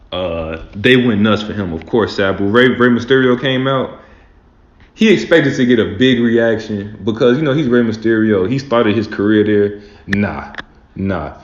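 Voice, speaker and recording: A man with a fairly low voice gives loose, rambling fan commentary, leaning on "man" and "like" as he talks. His voice bounces around a roomy space. The recording sounds dull and lo-fi. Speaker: wrestling fan host. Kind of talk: casual commentary.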